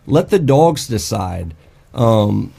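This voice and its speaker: A man's voice: lowish voice, sing-song, slow pace, vocal fry, warm tone. A man hosting a casual podcast conversation, blunt and profane, with many fillers and restarts. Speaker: podcast host and dog trainer.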